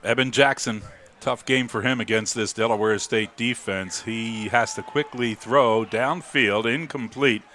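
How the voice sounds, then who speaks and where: A man calling live football play-by-play, rising to excited calls on big plays. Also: mid-range voice, measured pace, slight background noise. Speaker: play-by-play announcer.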